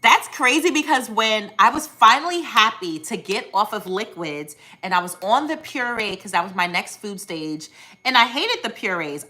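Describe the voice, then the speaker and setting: Young woman, american, bright clear tone, casual live-stream chat, upbeat, lots of ums and restarts. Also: medium pitch. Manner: chatty, upbeat, frequent ums and self-corrections. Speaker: weight loss surgery vlogger hosting a live stream.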